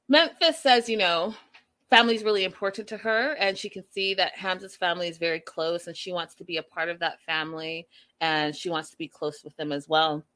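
A young adult woman hosting a live stream, giving an animated, opinionated recap of a reality show with sassy asides. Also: on the high side, normal speed.

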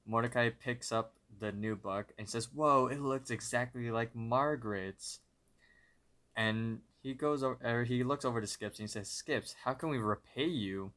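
A man's voice: medium pitch, normal speed, pushed and bright. A man co-hosting a podcast, narrating a cartoon plot step by step with small slips and corrections. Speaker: podcast co-host. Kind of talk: casual episode recap.

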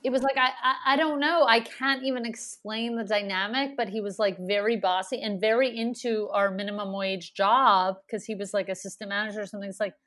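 A woman's voice: medium pitch, brisk, hardly any pauses. Rambling woman telling stories. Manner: rambling, animated storytelling with many fillers. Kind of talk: casual chat.

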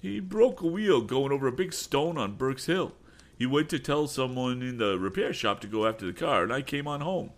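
A man's voice: medium pitch, animated, normal speed, voice pushed up, lightly acted. A man voicing a sneaky teenage boy bully who whines and pleads. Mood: whining. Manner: whiny, pleading, shaky.

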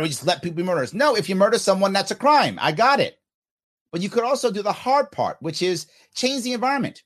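Animated, high-pitched man. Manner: animated, emphatic, repeats points for emphasis. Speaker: podcast host. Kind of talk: solo commentary responding to listener comments.

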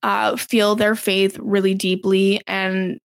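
Woman with gravelly vocal fry. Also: mid-range voice, flat delivery, takes it slowly, dry recording. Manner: conversational, opinionated, uses "like" often. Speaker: podcast co-host. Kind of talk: casual chat.

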